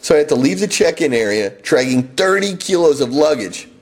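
A man telling a comic personal travel story with wry, deadpan self-mockery. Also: a little high, a little fast, slightly rough.

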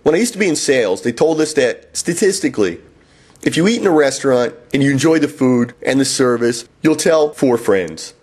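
Man narrating his own memoir, husky voice, wry sardonic delivery, medium pitch. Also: expressive, fairly quick, darkish tone. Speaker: author and narrator. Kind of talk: reading a first-person memoir.

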